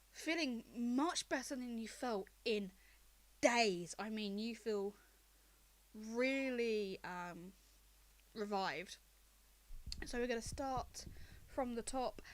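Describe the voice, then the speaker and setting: A woman running a tabletop game as game master, recapping the story in a relaxed, chatty way. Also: fairly high pitch, slow pace.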